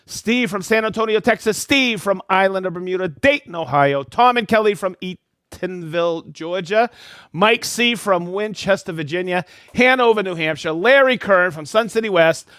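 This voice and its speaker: A man with a high, fairly bright and animated voice hosts a live product show, upbeat and jokey at a normal pace, giving shout-outs by reading viewers' names and hometowns. The sound is clean and studio quality, with no echo.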